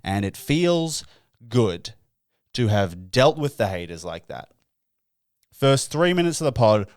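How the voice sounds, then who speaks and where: Man, solo comedy podcast host, mock-grand and self-mocking, smooth voice, dry close mic. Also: fairly low pitch, no echo. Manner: mock-pompous, self-deprecating, with chuckles.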